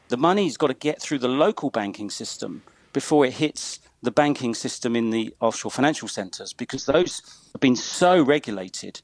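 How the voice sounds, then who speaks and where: A man's voice: mid-range voice, no echo. A man, a tax and trust lawyer, explaining matters confidently in a recorded interview, walking through examples step by step. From United Kingdom.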